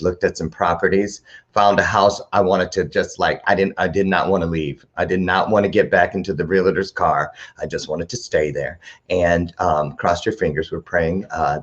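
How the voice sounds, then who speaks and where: A man hosting a live talk show, chatting to camera in a rambling, animated way. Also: deep voice, highs cut off.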